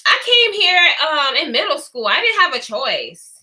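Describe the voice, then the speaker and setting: A woman imitating a defensive young female coworker who talks in halting, drawn-out bits. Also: high voice, very animated, pushed and bright, exaggerated voice.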